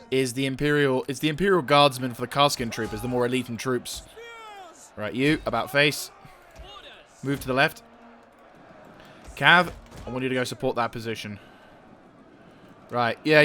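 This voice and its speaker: Excitable bright-voiced male gamer. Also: medium pitch, a little hiss or hum. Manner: excitable, barks orders at troops, swears. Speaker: gaming channel host. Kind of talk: let's-play commentary.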